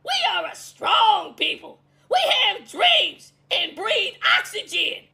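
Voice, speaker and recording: Sketch caricature: high, bright, giggling, evasive politician, as a woman acts it out. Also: big pitch swings, slow pace, creaky, full character voice. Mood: giggly.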